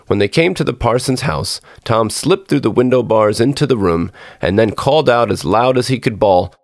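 A man narrating a storybook as a podcast storyteller, in a measured, expressive reading. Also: medium pitch, no echo, clean studio sound.

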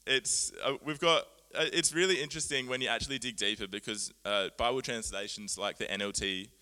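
A man preaching a sermon, earnest and animated, often laughing at himself as he explains Bible words. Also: mid-range voice, a little fast, clean tone.

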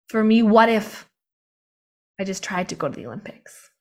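A woman's voice: mid-range voice, expressive, normal speed, long pauses. A young woman in live online training mode, impassioned and confiding, talking into a video call mic and laughing often between points. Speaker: motivational coach.

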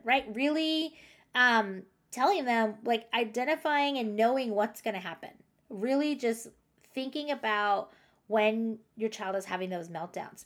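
A middle-aged woman hosting a parenting podcast, giving casual, encouraging advice with frequent light laughs. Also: on the high side. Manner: chatty and encouraging, laughs often, acts out parent and child lines.

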